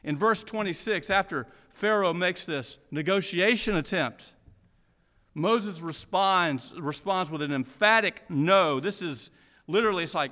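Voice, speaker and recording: A male pastor preaches a sermon, retelling stories with animated energy and frequent restarts. His voice is high and bright. The sound carries the long reverb of a church hall. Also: a little slow.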